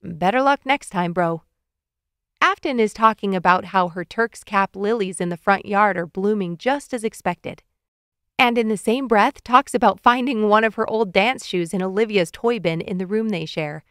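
A woman narrating a children's audiobook in the first person of a young boy, reading clearly and expressively. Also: mid-range voice, moderate pace, fairly bright tone, dry recording, clean studio sound.

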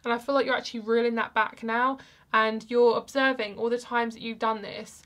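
A young woman with a slightly high voice talks her way through a tarot card reading for her viewers. She rambles in a soft, chatty way, full of fillers and restarts, as if thinking aloud. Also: steady tone, a little fast. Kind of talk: casual tarot reading vlog.

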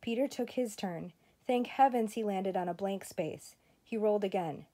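An older woman, a grandmother, reading a children's story aloud in a steady, expressive way. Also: medium pitch, normal speed.

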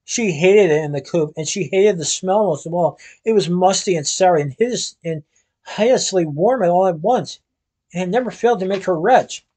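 A man reads a storybook aloud in a steady, even manner, now and then going back over a word. His voice sits a little high for a man and has a husky grain. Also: moderate pace. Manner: steady reading with occasional restarts. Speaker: storybook reader.

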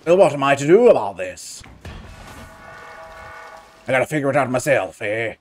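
A man's voice: mid-range voice, very animated, moderate pace, faint music behind. A man hosting a gaming video, giving playful, jokey let's-play commentary and talking straight to the viewer.

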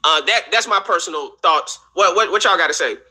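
A laid-back man hosting a comedy showcase over a video call, chatting casually with performers. His voice is high and very bright, and he keeps it encouraging. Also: expressive, brisk, breathy edge. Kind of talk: casual chat.

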